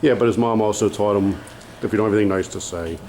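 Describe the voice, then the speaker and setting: A man's voice: fairly low pitch, fast, a little mellow, slight background noise. A man working at a game shop, trading dry wisecracks in casual banter with the host. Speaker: shop worker. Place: indoor arcade game shop.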